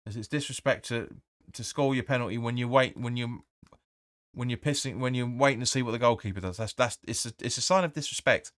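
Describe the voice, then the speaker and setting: A man's voice: medium pitch, a little fast, fairly bright tone, dry recording, clean studio sound. A man hosting a live match watch-along, giving blunt, opinionated commentary with swearing and reading viewer comments aloud. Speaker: fan channel host.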